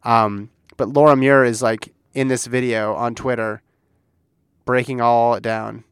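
Co-host, male, mid-pitched, teasing quizmaster energy, dry studio sound. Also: steady tone, a little slow, smooth, no echo. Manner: playful, quizzing his co-host. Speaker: podcast co-host. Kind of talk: casual chat.

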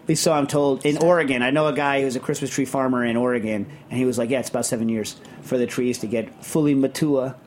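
A man hosting a casual radio chat show in a studio, talking in a rambling, emphatic, animated way. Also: mid-range voice, fast, slight background noise.

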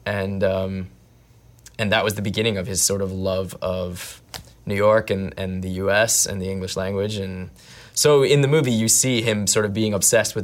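A man, an actor, answering interview questions in an animated, thoughtful way that often restarts mid-thought. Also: on the low side, moderate pace. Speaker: actor guest. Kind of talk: conversational interview.

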